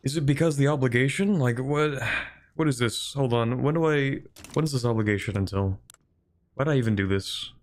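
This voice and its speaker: A man streaming a strategy game live, talking to chat and bargaining aloud with computer opponents in an animated, joking way. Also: mid-range voice, brisk. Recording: faint music behind.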